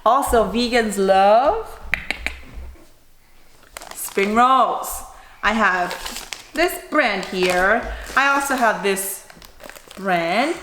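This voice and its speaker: A woman mukbang vlogger and mother chatting casually to camera, rambling with quick asides. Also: medium pitch, fairly bright tone, echoey room, a little hiss or hum. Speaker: mother of a young child.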